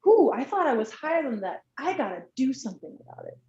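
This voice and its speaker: A woman leading a live online workshop, guiding a relaxing body exercise in a soft, encouraging way with sighs and ums. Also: high voice, big pitch swings, fast, echoey room, dull audio.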